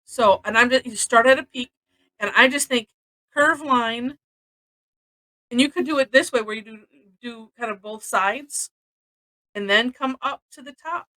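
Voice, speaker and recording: A woman's voice: fairly high pitch, a little slow, long pauses, pushed and bright, rough recording. A woman from Missouri teaching a live-streamed drawing lesson, chatty and rambling, often laughing between steps.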